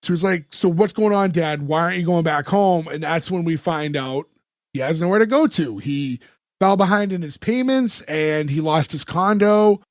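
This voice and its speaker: A man with a high voice talks through a sitcom episode on a podcast, slipping into the characters' lines as he retells each scene. The sound is dry and close, with no room around it. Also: dry recording. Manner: recounts scenes with quick acted-out quotes. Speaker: podcast co-host. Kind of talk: casual chat recapping a sitcom episode.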